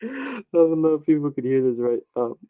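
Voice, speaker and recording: A man's voice: on the high side, big pitch swings, moderate pace. A man rambling and thinking aloud in casual self-talk while recording a hobby video. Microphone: laptop or computer mic. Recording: tinny phone-like audio.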